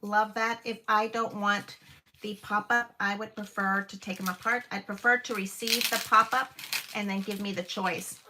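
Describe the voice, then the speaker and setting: A woman's voice: mid-range voice, steady tone, normal speed, background noise. A woman in her fifties hosting a live crafting stream from home, gushing over each piece with lots of fillers. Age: 50s. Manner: gushing, exclaims often, many fillers. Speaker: crafting livestream host. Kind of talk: casual live craft chat.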